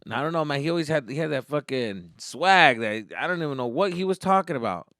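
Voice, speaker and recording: A man riffing alone on his podcast, swearing freely and dropping into Spanish words. His voice is bright and a bit high, with a lively, bouncing pitch. The sound is dry and close. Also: fast talker, dry recording. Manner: profane, rambling, slips into Spanish. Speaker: podcast host. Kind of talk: casual solo podcast monologue.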